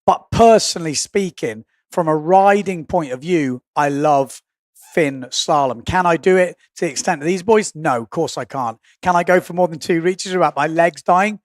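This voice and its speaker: A man's voice: on the high side, moderate pace, dry recording, studio quality. A man giving chatty, rambling live sport commentary as the stream's host. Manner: chatty, rambling, thinking aloud. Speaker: livestream commentator.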